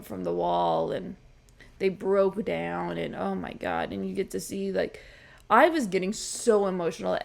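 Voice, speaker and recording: A woman's voice: medium pitch, vocal fry. A woman hosting a reaction channel, casually recapping a TV episode with lots of ums and likes, chatty and gushing.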